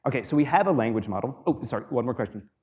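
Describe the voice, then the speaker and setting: A man giving a university guest lecture in a relaxed, explanatory way, with frequent fillers, repeating students' questions aloud. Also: mid-range voice, rapid-fire. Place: lecture hall.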